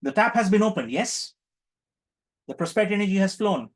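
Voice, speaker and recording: A man with a somewhat raised pitch guides an online group healing session. He speaks in a playful, teacherly way, repeating each question to his listeners over a video call microphone. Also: lively intonation, a little fast. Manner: playful, repetitive teacherly prompting.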